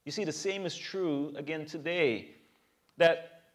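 A man's voice: fairly high pitch, unhurried. A male pastor giving a verse-by-verse sermon in an earnest, emphatic way, full of rhetorical questions to his congregation.

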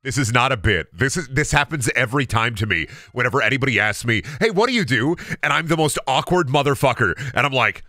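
A man's voice: mid-range voice, expressive, quick pace, few pauses, pushed and bright, no room sound, clean studio sound. A man in his thirties chatting casually on a gaming stream, telling rambling stories full of stammers, restarts and bursts of laughter. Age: 30s.

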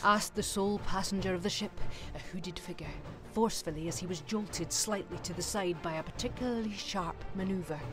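A woman reading an audio story as narrator, lively and expressive. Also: lowish voice, fairly quick.

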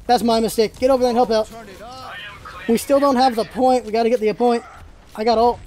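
A gaming channel host giving live gameplay commentary, excitable and firing off rapid callouts to teammates. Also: medium pitch.

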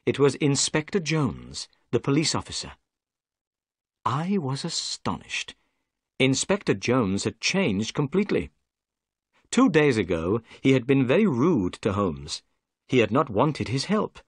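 A man's voice: medium pitch, very animated, unhurried, breathy edge, no echo, clean studio sound. Man narrating a graded story. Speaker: story reader. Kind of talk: graded-reader narration for English learners.

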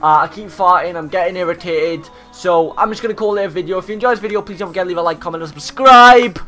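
Young Welsh man, rowdy and crude, talking over his online gameplay in a bright, forceful, fairly high voice, with faint game music playing behind him. He jokes, swears constantly, and shouts at his teammates. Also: fast talker. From Wales. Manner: loud, swearing, joking. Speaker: gaming YouTuber. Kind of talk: casual gameplay commentary.

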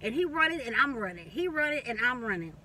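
Woman vlogger, bright voice, chatty storyteller who repeats herself and swears, a bit off-mic with faint traffic. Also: fairly high pitch, fast talker, recorded from a distance. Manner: animated, repetitive, profane, laughing storyteller. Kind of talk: casual storytelling.

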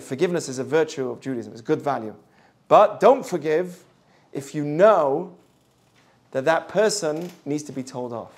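A man teaching a Jewish ethics class, animated, acting out the voices of the people he quotes. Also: a little high.

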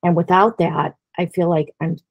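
Woman panelist, kinda low voice, earnest w/ lots of ums, dry sound. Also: steady tone, moderate pace, vocal fry, slightly rough, dry recording, dull audio. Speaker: panelist in developer marketing. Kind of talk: online panel discussion.

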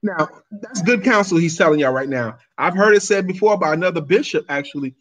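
High-pitched male podcast co-host. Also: animated, brisk, fairly bright tone. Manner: conversational, storytelling. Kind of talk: podcast talk.

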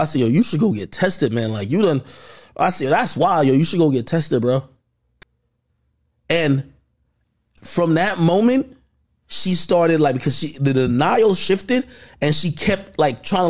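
A man telling a personal story in casual chat, animated and full of slang, acting out what others said. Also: a little high, moderate pace. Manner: animated, acts out quotes with slang.

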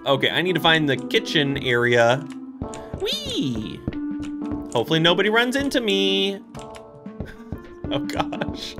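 Woman lets-playing, laughs a lot, voice swoops all over, game music behind. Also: lowish voice. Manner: excitable, laughs often, frantic exclamations. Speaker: game streamer. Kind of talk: let's play commentary.

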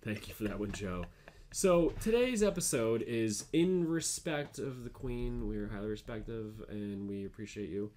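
A man's voice: on the low side, animated, normal speed, darkish tone, slight background noise. A man hosting a podcast in casual chat, rambling with fillers and laughing at his own jokes. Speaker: podcast host.

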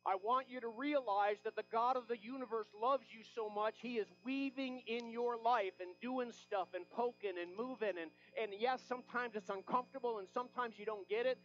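A man's voice: very high-pitched, a little fast, hardly any pauses, a bit bright, highs cut off, a little hiss or hum. A man preaching a sermon as pastor, impassioned, acting out Bible scenes in quoted voices.

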